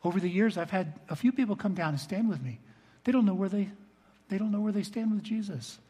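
An older man delivers a sermon in a church, his voice somewhat high and husky. He leans hard into emphatic phrases, then falls back to soft, low remarks. The long reverb of the large hall trails after every word. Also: a little fast. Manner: earnest, swings between loud emphasis and soft low asides. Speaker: pastor. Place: church sanctuary.

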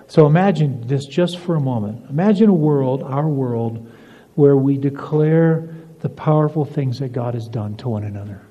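An older man preaching a sermon as pastor, telling stories and moving between emphatic lines and soft, confiding ones. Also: medium pitch, expressive, moderate pace. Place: church sanctuary. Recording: dull lo-fi recording in a reverberant church hall.

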